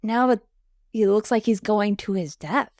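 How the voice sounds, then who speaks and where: A woman's voice: medium pitch, moderate pace, darkish tone, no room sound, clean studio sound. A woman co-hosting a podcast, casually and animatedly recapping a TV episode, laughing often. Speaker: podcast co-host.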